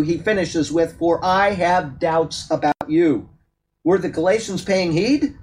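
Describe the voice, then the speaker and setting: Man teaching Bible study, somewhat high voice. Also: slight background noise, low-quality recording. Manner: conversational, reads a text then digresses with fillers; firm and emphatic on doctrine. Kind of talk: Bible study teaching, reading aloud and commenting.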